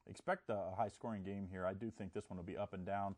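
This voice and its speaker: A man's voice: on the low side, fairly even intonation, quick pace, a little mellow. A man giving sports betting picks in casual chat, often restarting his words.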